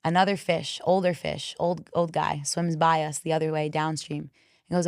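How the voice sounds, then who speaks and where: A woman's voice: on the low side, fast, no echo, studio quality. A woman guest on a podcast talking as a coach, a frank, swearing storyteller in casual conversation. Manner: frank, profane, animated storyteller.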